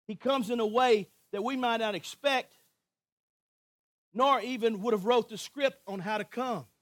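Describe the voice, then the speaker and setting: High-voiced man preaching a sermon. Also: measured pace, no echo. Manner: impassioned preaching with swings from hushed to shouting; repetitive, rhythmic emphasis. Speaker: pastor.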